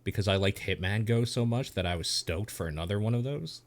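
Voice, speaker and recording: A man's voice: on the low side, fairly quick. A man co-hosting a podcast in a laid-back way, swearing casually as he talks. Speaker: podcast co-host.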